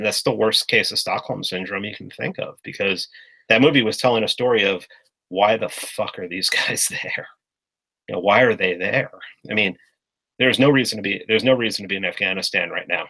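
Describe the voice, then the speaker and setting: A man's voice: lowish voice, pushed and bright, rough recording. A man in a casual political discussion, talking bluntly and swearing often, with many restarts. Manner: blunt and profane, with frequent restarts. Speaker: podcast guest.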